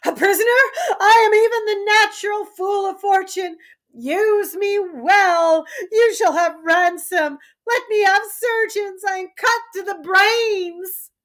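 A woman reading aloud as a mad old king, crying out, laughing and shouting in high, shrill bursts. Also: slow, full character voice. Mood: frantic. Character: mad old king, raving, weeping and wild.

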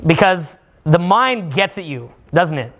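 A man leading a live workshop for a small group, talking in a profane, animated way with mock rants. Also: sits high, measured pace. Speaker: seminar speaker.

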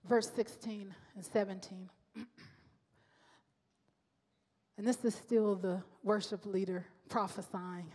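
A woman preaching a sermon, mixing personal testimony with slow, emphatic repetition. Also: mid-range voice, little pitch movement, darkish tone, breathy edge. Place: church sanctuary. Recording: long hall reverb.

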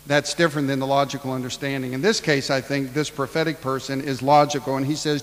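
A man preaching a sermon, acting out Bible dialogue in his own voice and swinging between loud and hushed. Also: medium pitch, fairly even intonation, brisk, few pauses, big-room sound, low-quality recording. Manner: preaching with acted-out Bible dialogue, rising and falling in volume. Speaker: pastor.

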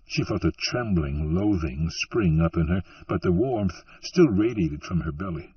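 A man reading an audiobook in a slow, measured storytelling manner. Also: deep voice, expressive, husky, no room sound, far from the mic. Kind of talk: scripted audiobook narration. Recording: muffled, dry, from off-mic.

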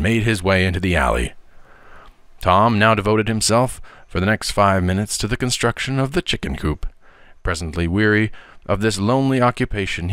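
A man reads an audiobook story aloud with a lively, expressive delivery. His voice sits fairly low, and the recording is dry and close. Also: dry recording. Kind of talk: audiobook narration.

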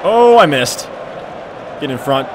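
A man giving excited, trash-talking commentary over his own football video game match, often shouting. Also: fairly high pitch, takes it slowly, noisy background. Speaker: gaming commentator.

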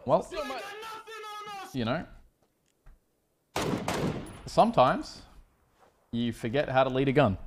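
A relaxed Australian man talking through his game as he plays, loose and profane, in casual banter with his chat. His voice sits at a mid pitch, with faint noise and clicks behind it. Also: slow pace, pauses often. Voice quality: profane, laid-back banter. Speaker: gaming streamer. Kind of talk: casual gameplay commentary.

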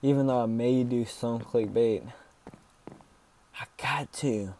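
A man's voice: mid-range voice, slow pace, dark tone, slight background noise. A man giving let's play commentary, joking around and yelping in mock panic when things go wrong. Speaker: gaming YouTuber.

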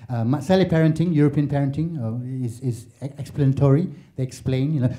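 A man's voice: mid-range voice, quick pace, few pauses, warm tone. A man, doing chatty, self-mocking stand-up comedy. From Malaysia. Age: 40s.

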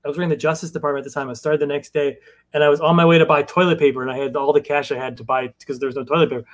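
A man's voice: on the high side, fairly even intonation, racing. A man in his forties, from Los Angeles, a guest in a live Q&A, speaking thoughtfully and searching for his words as he goes. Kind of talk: live Q&A interview.

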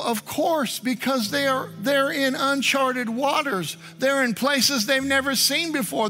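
A man's voice: very high voice, sharp tone. A man preaching as pastor, reading scripture and weaving in prayers with earnest emphasis. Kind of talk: sermon. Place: church. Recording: online service stream with music.

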